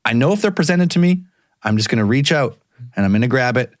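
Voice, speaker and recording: A man's voice: medium pitch, lively intonation, fast talker, no echo, clean studio sound. A man co-hosting a podcast, telling stories and mocking himself in casual chat. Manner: wry, self-mocking interjections. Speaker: podcast co-host.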